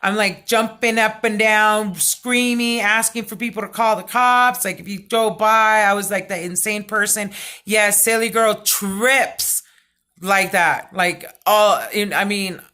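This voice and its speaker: A middle-aged woman talks to her viewers in a casual vlog, loud and stern and quick to get worked up, stringing her story together with lots of "you know" and "like." Her voice is bright and sharp, sitting at an ordinary pitch for a woman. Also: steady tone. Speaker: vlogger.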